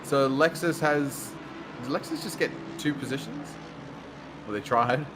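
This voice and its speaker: A man's voice: on the high side, sing-song, measured pace, noisy background. A man with an Australian accent doing chatty commentary on a sim race, laughing often.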